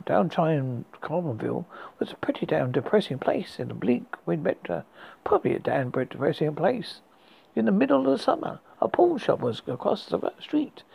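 A man from the UK narrates a horror story for his podcast. His voice is deeply gravelly and husky, with a mellow tone. The pitch rises and falls a lot as he reads, and he often restarts words along the way. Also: poor audio. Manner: unhurried storytelling with frequent restarts.

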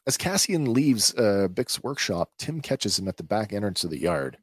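A man hosting a podcast, recapping a TV episode in a conversational, halting way. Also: lowish voice, big pitch swings, breathy edge, no echo, studio quality. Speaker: podcast host.

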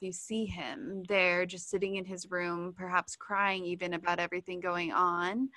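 A woman hosting a podcast interview who speaks in an effusive, animated way. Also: medium pitch, no room sound. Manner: effusive, warm praise, animated. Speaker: podcast host. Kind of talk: casual interview chat.

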